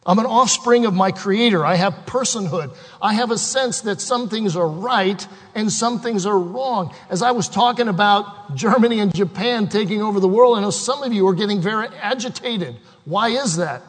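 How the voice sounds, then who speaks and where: Male preacher, high pitch, fervent delivery shifting loud to hushed; reverberant hall. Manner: impassioned, swings from loud bursts to quiet, slow reading. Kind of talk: sermon.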